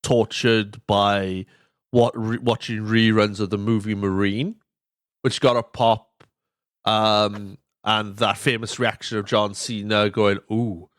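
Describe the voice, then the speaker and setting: Lowish-voiced man, rambling podcast chat. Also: little pitch movement, takes it slowly, a bit bright, no echo, studio quality. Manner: rambling, swearing, exasperated. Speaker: podcast co-host.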